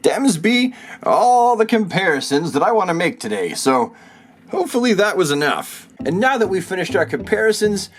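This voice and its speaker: A man's voice: high-pitched, sing-song, moderate pace, soft background music. A man in his thirties casually reviewing action figures, chatty and enthusiastic with joking asides. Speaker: toy reviewer.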